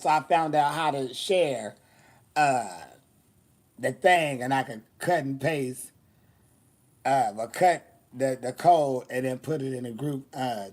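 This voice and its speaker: Sassy, bawdy man telling stories. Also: a little high. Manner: sassy, bawdy, laughs often, theatrical asides. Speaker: host. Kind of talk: casual storytelling chat.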